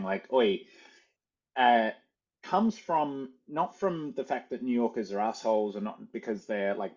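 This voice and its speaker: A man's voice: mid-range voice, a little mellow, slightly rough, lo-fi sound. A man with an Australian accent, talking as a guest in a casual interview, chatty and often restarting his sentences with "like". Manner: chatty, self-correcting, frequent "like" fillers.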